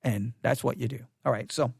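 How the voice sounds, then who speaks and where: A man hosting a solo podcast, talking off the cuff in an animated, repetitive way with many restarts. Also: medium pitch, a little fast, creaky, breathy edge, dry recording, studio quality. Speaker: podcast host. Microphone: studio microphone.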